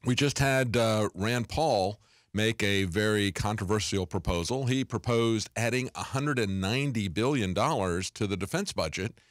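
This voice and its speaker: A man hosting an interview, asking long, conversational questions with many filler pauses. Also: on the low side, no echo, studio quality. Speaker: show host.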